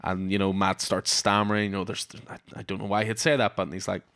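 Smooth, dry-sounding man. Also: low-pitched, little pitch movement, brisk, a bit bright, dry recording. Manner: enthusiastic, summarizes scenes in detail. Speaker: podcast host. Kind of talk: casual comics discussion.

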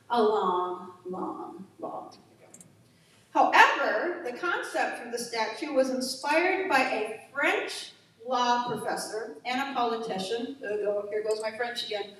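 A woman's voice: a little high, fairly bright tone, far from the mic. Chatty woman in an echoey room. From United States. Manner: chatty, self-deprecating, laughs at herself. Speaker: presenter sharing facts. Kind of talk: casual chat.

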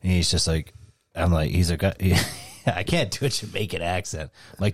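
A man's voice: deep voice, moderate pace, breathy edge, no echo, clean studio sound. A man co-hosting a podcast, telling a rambling, swear-heavy story in casual chat. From New England. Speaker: podcast co-host.

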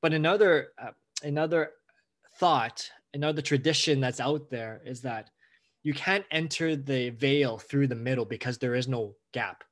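Earnest man preaching a sermon. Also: medium pitch. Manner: earnest, builds to emotional emphasis with repeated phrases. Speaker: pastor.

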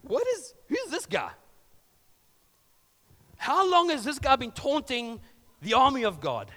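Man doing a young shepherd guy, high-pitched, incredulous, indignant questions. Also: sing-song, fast talker, fairly bright tone, big-room sound, full character voice.

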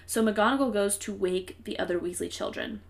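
Casual woman co-host, chatty and meandering, mid-pitched voice. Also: moderate pace, gravelly. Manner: chatty, filler-heavy, trails off mid-thought. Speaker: podcast co-host. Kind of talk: casual chat, recapping a book.

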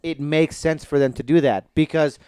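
A man's voice: a little high, fairly even intonation, moderate pace, a little mellow, clean tone, no room sound. Young-sounding man rambling casually, dry mic. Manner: rambling, many fillers and restarts, swears casually. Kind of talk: casual podcast chat about TV shows.

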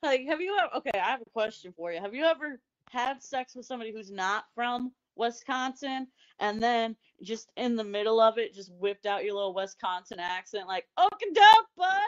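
Loud storytelling woman from Indiana. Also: a little high, brisk, few pauses, clean tone, lo-fi sound. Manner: loud, storytelling, swears freely. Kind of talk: casual raunchy chat.

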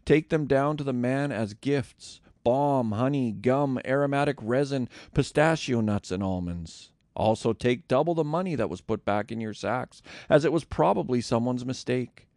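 A man's voice: mid-range voice, normal speed, hardly any pauses, darkish tone, no echo, studio quality, natural voice. A man reading the part of a grieving white-haired old father in a scripture reading, with a raised, pleading delivery. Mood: resigned.

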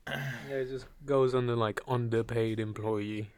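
A man's voice: mid-range voice, fairly even intonation, a little slow, no room sound. A young man from Britain co-hosting a podcast, joking crudely and swearing in casual banter. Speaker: podcast co-host.

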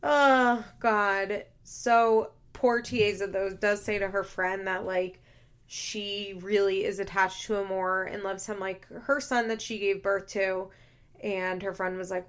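A young woman hosts a casual podcast, talking through reality TV episodes in an easygoing voice. She is animated and chatty, fills her talk with "like", and laughs often. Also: mid-range voice, takes it slowly. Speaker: podcast host.

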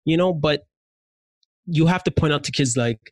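A man telling stories in casual chat, animated and slangy, with many fillers. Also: a little high, moderate pace, no room sound.

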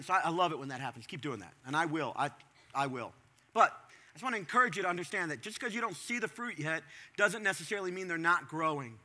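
A middle-aged man preaches with a high, very bright and ringing voice. He talks to the congregation conversationally, then breaks into sudden animated bursts. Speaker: pastor. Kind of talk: sermon.

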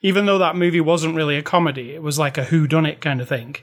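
A man's voice: fairly high pitch, steady tone, fast talker. A man co-hosting a casual movie review, rambling and filling his talk with "like" and "you know". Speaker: podcast co-host.

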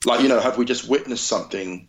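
A man's voice: medium pitch, quick pace. A man chatting as a podcast guest, gushing enthusiastically about films he loves. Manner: effusive, enthusiastic. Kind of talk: casual chat. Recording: roomy echo.

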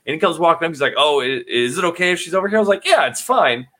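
A man's voice: on the high side, lively intonation, very fast, sharp tone. A man in casual chat who rambles through stories and acts out quotes. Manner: rambling storyteller, acts out quotes, laughs often. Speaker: podcast co-host.

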